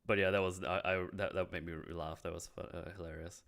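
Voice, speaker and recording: Deep-voiced man hosting a casual review. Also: flat delivery, brisk, a bit bright, smooth. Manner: rambling, trails off with low mumbles. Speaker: host. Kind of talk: casual movie review chat.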